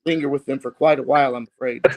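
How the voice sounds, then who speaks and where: A man's voice: medium pitch, steady tone, quick pace, darkish tone, a little hiss or hum. A man appearing as a guest on a sports radio show, joking in a dry, teasing way, with an American accent. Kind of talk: casual radio interview.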